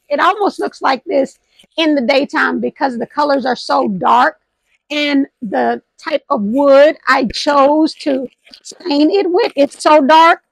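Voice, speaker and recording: A woman with a high, slightly hoarse voice hosts a casual vlog in a lively, affectionate way, calling her viewers honey. She is recorded outdoors on a patio at night. The sound is dry, with almost no reverb. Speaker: thrift and home vlog host.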